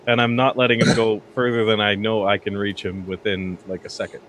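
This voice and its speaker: A man's voice: fairly low pitch, level tone, brisk, fairly bright tone, a little hiss or hum. A man playing at a tabletop game, chatting casually and explaining his plans at length. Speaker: player.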